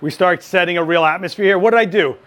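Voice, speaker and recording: A man running a live photography lighting demo, chatty and joking, with quick asides. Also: sits high, a bit bright. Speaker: photography instructor.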